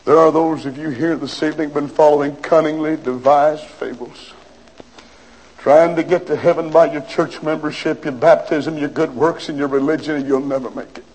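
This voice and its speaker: A man's voice: on the high side, steady tone, normal speed, darkish tone, breathy edge, rough recording. A man preacher telling a vivid story in a sermon, then urging listeners with grave appeals. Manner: dramatic storytelling, urgent appeals.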